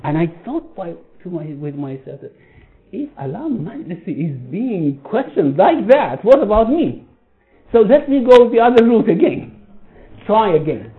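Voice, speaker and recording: A man giving a religious lecture, telling a story, halting often to restart and rephrase. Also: high voice, very animated. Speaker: religious teacher. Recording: tinny phone-like line with faint noise.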